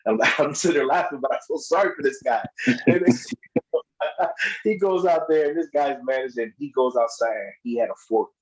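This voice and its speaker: This podcast guest's medium-pitched voice keeps a normal pace as he spins casual wrestling yarns. He's animated, laughs a lot, and loudly mimics what others said, all over poor-quality audio.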